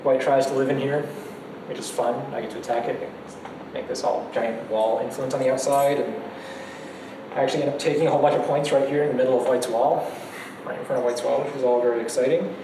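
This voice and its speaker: A man's voice: medium pitch, steady tone, quick pace, noisy background. Chatty man teaching, echoey distant room. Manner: chatty, laughs between points. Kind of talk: casual classroom lecture.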